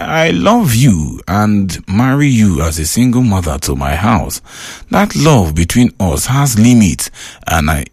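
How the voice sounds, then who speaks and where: A man with a Nigerian accent hosting a show, chatting casually as he reads out and reacts to listener comments in an animated, laughing way. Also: mid-range voice, husky, dry recording, studio quality. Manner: animated, laughing, switching into Pidgin. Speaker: show host.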